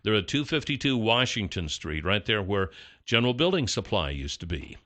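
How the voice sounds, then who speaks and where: A man's voice: lowish voice, very animated, normal speed, a bit bright. A middle-aged man co-hosting a local radio show, chatting casually and reading a sponsor spot with easy "uh" fillers. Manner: easygoing, chatty, with frequent "uh" fillers. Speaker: radio co-host.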